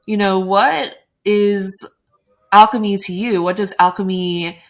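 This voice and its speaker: A woman hosting a podcast, talking about tarot in a reflective, measured way with frequent "like" and "you know". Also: mid-range voice, fairly even intonation. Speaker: podcast host. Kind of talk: casual spiritual conversation.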